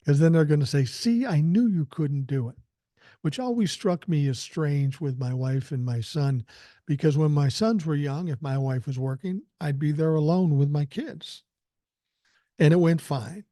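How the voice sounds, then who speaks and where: A man's voice: on the high side, moderate pace, warm tone, no room sound. Profane older man telling stories. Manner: blunt, profane storytelling. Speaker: podcast host. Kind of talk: casual commentary.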